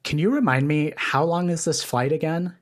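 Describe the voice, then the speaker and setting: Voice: medium pitch, normal speed. Curious interviewer asking probing questions. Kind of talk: casual interview.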